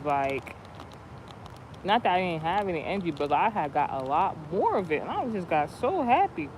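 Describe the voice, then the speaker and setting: Rambling man talking outdoors by traffic. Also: on the high side. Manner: rambling, animated storytelling with many restarts. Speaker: vlogger. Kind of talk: casual spiritual vlog talk. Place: outdoors near a street with passing cars. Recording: noisy outdoor street recording.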